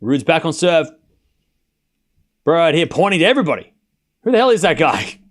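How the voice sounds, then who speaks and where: A man's voice: on the high side, normal speed. A man hosting a live tennis watchalong stream, calling each point and cracking jokes in asides. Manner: excitable, joking asides between points. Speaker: watchalong host and commentator. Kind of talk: live play-by-play stream commentary.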